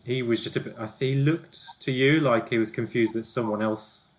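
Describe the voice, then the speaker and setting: A man narrating a tabletop game as game master, halting often with ums and restarts. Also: mid-range voice, steady tone. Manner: hesitant, lots of ums and restarts.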